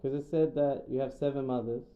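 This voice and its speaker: A man giving a scripture class, retelling the story in an animated, casual way and acting out the characters. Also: mid-range voice, fairly quick. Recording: tinny phone-like sound.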